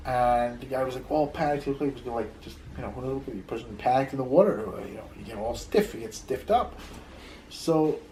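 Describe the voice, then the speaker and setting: A man's voice: mid-range voice, brisk, mellow, slight background noise, poor audio. A rabbi teaching a Torah class in a loose, conversational way, telling stories, repeating words as he thinks, and dropping in Hebrew terms.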